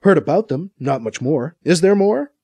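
A man's voice: a little high, lively intonation, moderate pace, warm tone, no echo, voice pushed up. A man voicing a sarcastic, defensive male ex-assassin.

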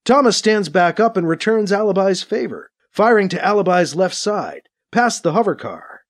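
A man's voice: high voice, normal speed. A man narrating an action scene in an audiobook, voicing the sound effects himself. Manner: animated, with voiced sound effects.

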